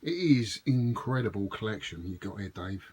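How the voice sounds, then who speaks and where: A man's voice: lowish voice, lively intonation, normal speed, darkish tone, breathy edge. A man hosting a casual vlog in a home games room, bantering with a friend, swearing freely and gushing with enthusiasm. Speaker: vlog host.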